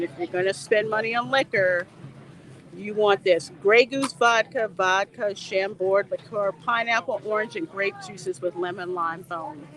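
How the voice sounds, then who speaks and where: Bright-voiced woman chatting on a stream. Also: mid-range voice. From Louisiana. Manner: chatty, laughs often, reads viewer comments aloud. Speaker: vlogger livestreaming from a theme park. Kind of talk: casual livestream chat. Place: outdoors at a theme park.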